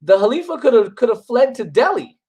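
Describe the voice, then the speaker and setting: A man's voice: very high-pitched, sing-song, fairly quick, a little mellow, husky, low-quality recording. Guy scoffing and rambling through a reaction rant, mocking tone, restarts a lot. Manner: combative and mocking, scoffing laughs. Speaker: religious commentator reacting to videos. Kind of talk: casual reaction commentary.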